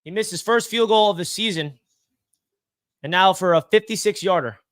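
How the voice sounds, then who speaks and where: A man hosting a live fan watch party, calling the plays and shouting with excitement over big moments. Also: high voice, normal speed, no echo, clean studio sound. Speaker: fan channel host. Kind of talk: live play-by-play fan reaction.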